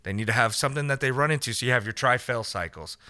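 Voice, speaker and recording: A man's voice: medium pitch, fast talker, sharp tone, no room sound, studio quality. A man co-hosting a casual podcast, joking and explaining story-writing ideas at length. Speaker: podcast co-host.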